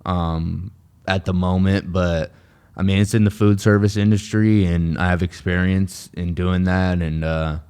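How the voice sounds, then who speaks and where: Speaking slightly slowly in a clear, resonant voice, a very low-pitched man shares his recovery story as a guest in casual interview conversation. He is earnest and wandering, often restarting, repeating himself, and using fillers.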